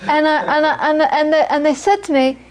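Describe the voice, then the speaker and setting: A woman's voice: high voice, steady tone, fairly quick, a crowd in the background. A middle-aged woman giving an informal Buddhist talk, telling stories with many restarts and repeated words. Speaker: Buddhist teacher. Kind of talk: informal dharma talk with anecdotes.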